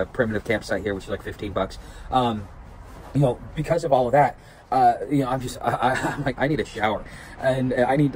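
A man telling a rambling, animated story about his hike in a casual outdoor vlog with lots of restarts. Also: mid-range voice, low-quality recording. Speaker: vlogger. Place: outdoors at a campsite. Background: wind and outdoor ambience.

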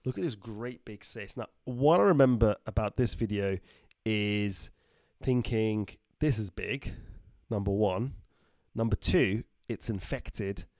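A middle-aged doctor hosts a casual livestream, chatting loosely, laughing often, reading viewer comments aloud and slipping into joke accents. His lowish voice is unhurried and darkish, captured in a dry, studio-quality recording.

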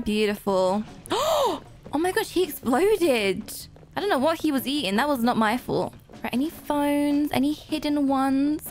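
A woman narrating her own gameplay in an animated way, gasping and squealing at surprises. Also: fairly high pitch. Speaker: gaming video creator. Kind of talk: playing an obby game and narrating. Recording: faint background game music.

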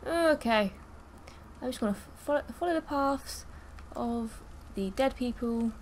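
A woman's voice: a little high, expressive, measured pace, a little hiss or hum. A young woman giving gameplay commentary as she plays, swearing and bursting out in frustration. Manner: swearing, frustrated outbursts and screams. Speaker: gaming video creator.

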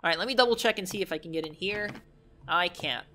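A young man commenting on a horror game, joking and shouting at the scares. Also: high-pitched, quick pace, very noisy. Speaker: gaming commentator.

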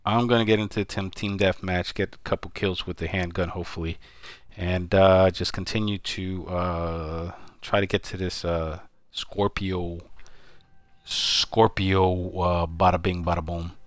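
A man's voice: low voice, flat delivery, a little slow, dry recording. A man giving live commentary on his own gameplay as he streams, cracking wise and repeating catchphrases. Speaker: game streamer.

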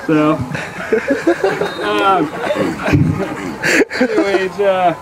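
Very slow and with wildly swooping pitch, a young Texan comedian's high voice carries his rambling, profane stand-up set. Filled with fillers and self-mocking asides, it draws laughter from a live crowd at the comedy venue, in a low-quality recording.

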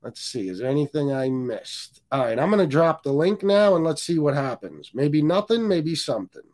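A man's voice: fairly high pitch, very animated, normal speed, darkish tone. A man hosting a casual livestream, joking, cursing, and reading viewer comments aloud. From US Northeast. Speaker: livestream host.

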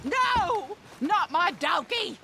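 A woman's voice: extremely high pitch, very animated, drawn-out words, creaky, noisy background, full character voice. An actress voicing a mean, foul-mouthed old rural grandmother who hurls insults and threats, with a harsh, scolding voice. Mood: angry. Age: older. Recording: game audio with music behind.

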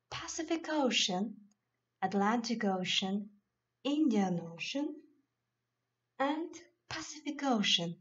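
A woman teacher going slowly through English vocabulary lists of countries and nationalities in a classroom lesson. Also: on the high side. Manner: reads word lists slowly and deliberately. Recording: dull lo-fi recording.

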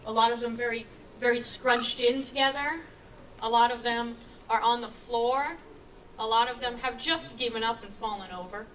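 High-voiced playful woman hosting a panel. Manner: playful, animated, often laughing. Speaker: convention panel host. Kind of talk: live panel commentary to an audience. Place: convention panel room with audience. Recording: distant camera, crowd noise.

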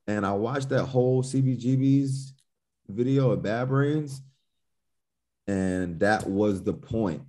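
This man, a musician from Newark, New Jersey, is a podcast guest sharing stories in a casual, loose way, full of swearing and reenactments of his past reactions. His darkish mid-range voice has lively intonation, and he takes his time, pausing often.

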